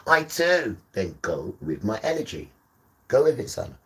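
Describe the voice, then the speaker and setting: A man with a low voice hosts a live stream and exhorts his listener like a preacher. He repeats himself, coaxing and pressing, and keeps calling the listener son. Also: sing-song, unhurried.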